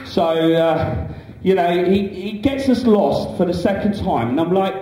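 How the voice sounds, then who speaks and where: A man's voice: high-pitched, lively intonation, a little slow, mellow. A young man doing a stand-up comedy set, chatty and rambling with many fillers. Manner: chatty, rambling, full of "you know" fillers. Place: small indoor comedy club stage. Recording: echoey club from a distant camera.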